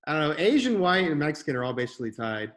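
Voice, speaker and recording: A man's voice: fairly high pitch, sing-song, rapid-fire, fairly bright tone. A man in his thirties in casual, crude podcast banter, laid-back and laughing often, with drawling fillers. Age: 30s.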